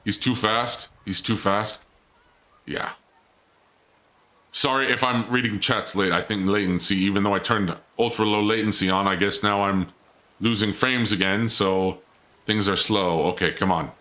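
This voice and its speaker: A man's voice: on the low side, steady tone, moderate pace, pushed and bright. A male streamer giving live gameplay commentary, teasing and taunting in a playful, theatrical mock-villain way.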